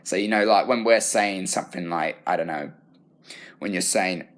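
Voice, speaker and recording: A young British man, a drama student, talking through his own feedback in a thoughtful, halting way. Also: sits low. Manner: thoughtful, self-correcting, halting. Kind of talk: reflective self-assessment talk.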